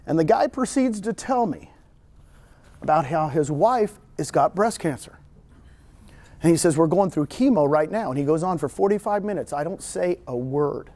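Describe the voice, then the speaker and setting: Middle-aged Texan man, higher voice, animated seminar presenter, talks to a live room. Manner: animated storyteller, jokes with audience. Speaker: real estate trainer. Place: meeting room with audience.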